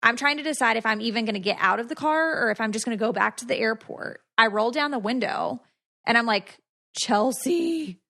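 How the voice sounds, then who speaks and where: A woman's voice: a little high, fast talker, gravelly, pushed and bright. A woman co-hosting a podcast, telling a story in a chatty way, full of "like" fillers. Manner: chatty, many "like" fillers, quotes others in retelling. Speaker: podcast co-host. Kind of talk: casual storytelling.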